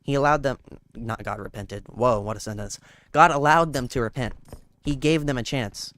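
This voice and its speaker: Earnest man gently reasoning about faith. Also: medium pitch, moderate pace. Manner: earnest, gently cautioning, explains scripture. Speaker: Christian streamer. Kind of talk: casual faith chat while gaming.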